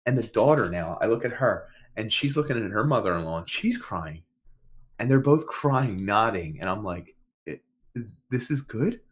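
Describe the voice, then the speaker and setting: A man with a fairly low voice tells a story to a friend in relaxed podcast chat. He swears casually and acts out what people said. His delivery is animated and conversational. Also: normal speed. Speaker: podcast co-host.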